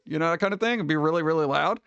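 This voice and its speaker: A man's voice: a little high, racing, creaky, a bit bright, smooth, dry recording, highs cut off. Rambling, exasperated male streamer. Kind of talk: casual live-stream chat.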